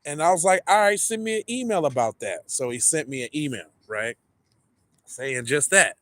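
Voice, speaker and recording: A man casually telling a story, animated and full of swearing, acting out the people in it. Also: a little high, normal speed, no room sound. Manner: animated, profane, acts out the people in his story. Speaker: podcast storyteller.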